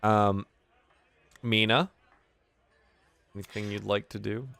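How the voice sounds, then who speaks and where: A man narrating as game master of a tabletop game, animated and halting, with many fillers. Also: on the low side, vocal fry, dry recording. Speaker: dungeon master. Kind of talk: running a tabletop game online.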